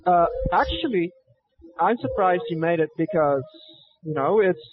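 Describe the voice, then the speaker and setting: A man's voice: high-pitched, animated, measured pace. Rambling man co-hosting a banter podcast. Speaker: podcast co-host. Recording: dull lo-fi stream audio with faint noise.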